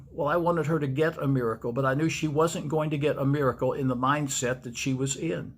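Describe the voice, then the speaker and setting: A man's voice: fairly high pitch, fairly even intonation, brisk, hardly any pauses. A man, a pastor, giving a devotional video message to camera in a storytelling manner and repeating key lines for emphasis. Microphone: speaking to camera.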